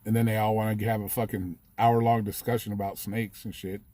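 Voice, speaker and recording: A man's voice: lowish voice, level tone, fairly quick, dark tone, no echo. Dude swearing nonstop while he rambles through a story, dry close sound. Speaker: livestream host. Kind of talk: casual storytelling.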